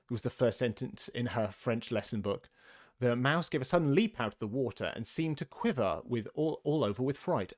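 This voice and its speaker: Man, storybook narrator, lively swooping pitch, mid voice, expressive reading aloud. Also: brisk.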